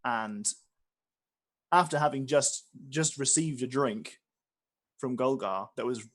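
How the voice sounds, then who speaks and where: A man's voice: medium pitch, takes it slowly. A man narrating as game master, rambling with many fillers and restarts. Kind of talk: narrating a tabletop game session.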